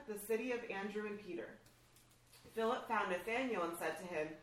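A woman reading scripture aloud in a steady, measured way at a group breakfast. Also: a little high. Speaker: scripture reader. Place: large room at a church breakfast. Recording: echoey room from far off, faint background noise.

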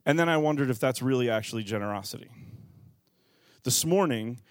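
A man in his thirties preaching a sermon as a pastor, telling family stories with animated swings in loudness. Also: medium pitch, brisk, dry recording, clean studio sound. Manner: storytelling, animated with rising shouts.

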